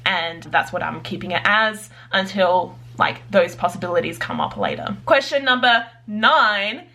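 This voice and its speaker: A woman's voice: on the low side, normal speed, gravelly, sharp tone. A woman vlogging about her writing in a casual, chatty way, full of "like" fillers and light laughs. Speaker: writer vlogger. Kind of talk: casual chat to camera.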